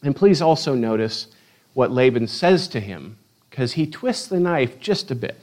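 A man preaching a sermon, telling the story in a lively, playful way and acting out the quotes. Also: mid-range voice, a little slow. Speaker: pastor.

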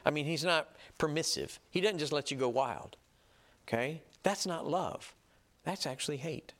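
A man preaching a sermon, emphatic and often checking in with "right?" and "okay?", reading scripture slowly and loudly. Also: fairly high pitch. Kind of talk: sermon teaching.

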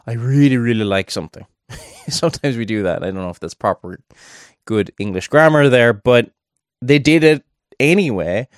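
A man's voice: mid-range voice, animated, moderate pace, no echo, clean studio sound. A man preaching a sermon in a conversational way, thinking aloud and adding asides as he explains a verse.

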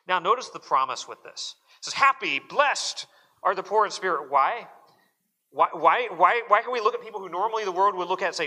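A man's voice: high-pitched, expressive, a little fast, sharp tone. A pastor preaching a sermon at a church service in an earnest, emphatic way, often repeating words as he presses a point.

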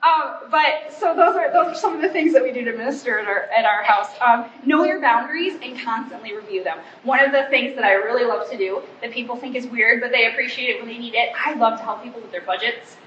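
A woman's voice: on the high side, quick pace, few pauses, fairly bright tone, slight background noise. A woman in her forties, a pastor's wife, giving a chatty, self-deprecating church talk and acting out bits of family dialogue. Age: 40s. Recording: roomy, slightly muffled hall recording.

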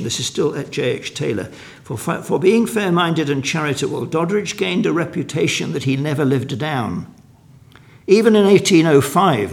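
A man's voice: medium pitch, vocal fry. An older man from England giving a lecture-style sermon at a conference, reading quotations aloud between many restarts and stumbles. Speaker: conference speaker.

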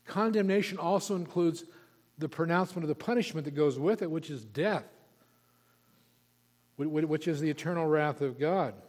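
A pastor preaching an expository sermon, emphatic and repeating key words for stress. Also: male voice, on the high side, normal speed, long pauses, a little mellow. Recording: long reverb of a large hall.

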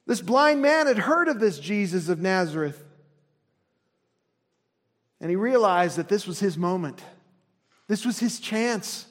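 A man preaching a sermon as pastor, earnest, often dropping to a soft hush to drive a point home. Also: extremely high pitch. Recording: long reverb of a large hall.

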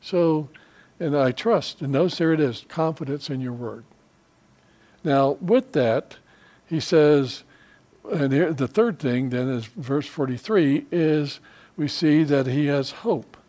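A man's voice: fairly high pitch, takes it slowly, warm tone. A middle-aged male pastor preaching a sermon in an earnest, conversational way, breaking into short prayers.

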